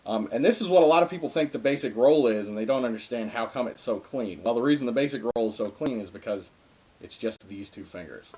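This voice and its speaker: Relaxed young man teaching drum rolls. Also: mid-range voice, quick pace, hardly any pauses. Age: young adult. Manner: relaxed and informal, with many ums and uhs. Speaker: darbuka teacher. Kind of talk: casual spoken drum lesson. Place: home room with drum. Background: darbuka drumming between phrases.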